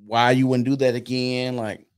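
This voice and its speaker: A man hosting a casual podcast chat, asking probing questions in a low-key manner. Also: little pitch movement, moderate pace, clear, resonant tone. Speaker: podcast host.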